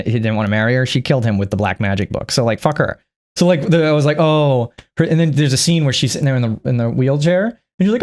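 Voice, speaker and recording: A man giving a casual, rambling and profane movie recap, acting out the characters in squeaky put-on voices. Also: darkish tone. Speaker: movie reviewer.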